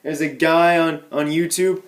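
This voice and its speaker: A young man talks straight to the camera from home, spinning a tiny everyday mishap into a mock-tragic tale. His voice sits a little high for a man, and he plays the story with deadpan exaggeration. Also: a little slow. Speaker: vlogger.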